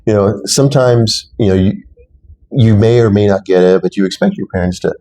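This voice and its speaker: A man's voice: fairly low pitch, brisk, mellow. A middle-aged man from Texas, a city council candidate, telling personal stories earnestly in an interview. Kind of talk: interview conversation.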